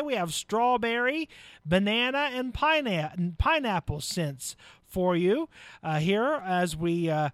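A man hosting a live local radio show, casual and folksy, chuckling, with filler pauses. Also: high voice, a bit bright, dry recording. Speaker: radio host. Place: radio studio.

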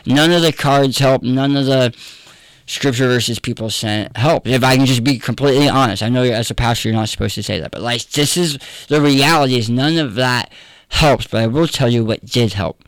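A man's voice: mid-range voice, normal speed, clear, resonant tone, no echo. Candid man, dry close sound. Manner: candid, earnest, conversational with fillers. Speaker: pastor. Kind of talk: personal storytelling in an interview.

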